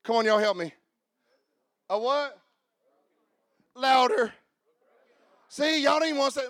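A man preaching a sermon at a church service, calling out to the congregation and swinging between loud shouts and hushed asides. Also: very high-pitched, slow, pauses often, no room sound, studio quality.

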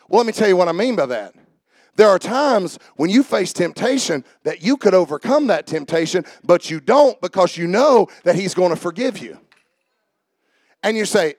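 A pastor preaching a sermon, quizzing the congregation and often shouting. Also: male voice, high-pitched, very animated, normal speed, dry recording, studio quality.

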